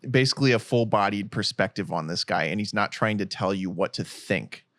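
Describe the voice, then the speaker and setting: A man's voice: lowish voice, a little fast, fairly bright tone, no room sound, clean studio sound. A man talking loosely and bluntly in a casual podcast chat about a film, often laughing and swearing. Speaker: podcast guest.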